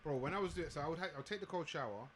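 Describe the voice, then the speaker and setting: A young man, co-hosting a podcast in slangy, animated casual chat. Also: fairly high pitch, rapid-fire, a little hiss or hum. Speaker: podcast co-host.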